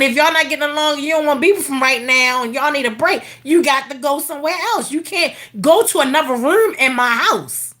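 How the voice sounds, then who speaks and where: High bright blunt middle-aged woman. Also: quick pace, hardly any pauses. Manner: blunt, profane, animated. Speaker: vlogger telling a personal story. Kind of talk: casual storytelling rant.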